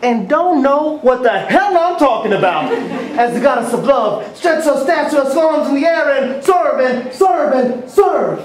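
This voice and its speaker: A man performing spoken-word poetry and stories live on stage, with animated, rhythmic delivery and jokey asides. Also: extremely high pitch, a little slow. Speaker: storyteller and spoken-word poet. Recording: echoey hall, distant mic.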